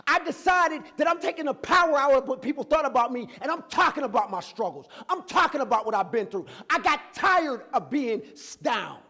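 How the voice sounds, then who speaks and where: A man giving a lively, conversational motivational talk about his own life, acting out bits of dialogue as he goes. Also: very high-pitched, a little fast, hardly any pauses, big-room sound. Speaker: guest speaker. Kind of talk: motivational personal storytelling talk. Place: campus event hall.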